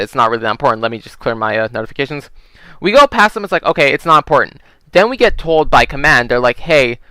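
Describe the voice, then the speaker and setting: A man's voice: medium pitch, sharp tone, clear, resonant tone, no room sound. A young man casually telling a long story while playing a game, rambling with lots of "you know" and frequent swearing. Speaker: gaming video creator telling stories. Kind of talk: casual storytelling over gameplay.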